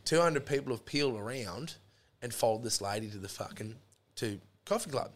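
A man's voice: mid-range voice, lively intonation, a little fast. An Australian man telling a rambling, sweary story in a casual chat, throwing in lots of "mate". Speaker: podcast guest.

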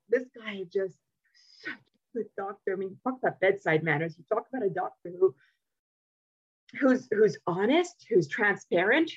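Husky-voiced woman telling her story. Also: medium pitch, highs cut off. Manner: candid, animated, with many self-interruptions. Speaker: podcast guest. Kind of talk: conversational personal storytelling.

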